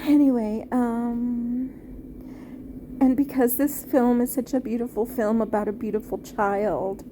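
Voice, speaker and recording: Slow, halting woman reviewing a film. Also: a little high, fairly even intonation, noisy background. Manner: halting, with many fillers and restarts; tender, heartfelt. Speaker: film reviewer and former teacher.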